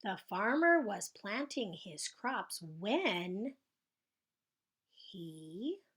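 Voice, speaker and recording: Woman, primary teacher, encouraging, stretches each sound, animated intonation. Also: mid-range voice, drawn-out words, slightly rough. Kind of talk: slow spelling dictation for young children.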